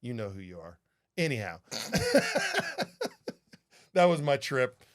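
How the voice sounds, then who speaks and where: A man co-hosting a casual podcast, telling stories with lively swings and acted-out voices. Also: medium pitch, measured pace. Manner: animated storyteller, acts out voices. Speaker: podcast co-host, flight crew member. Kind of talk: casual chat.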